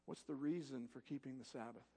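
A male pastor preaching a sermon, swinging from loud emphatic peaks to soft storytelling. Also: medium pitch, fairly quick, husky. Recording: long reverb of a large hall.

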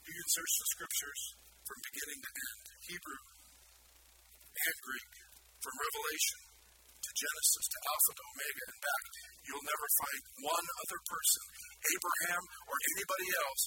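A man preaching a sermon in an animated way, putting questions to the congregation. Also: very high-pitched, normal speed, poor audio. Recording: loud background noise.

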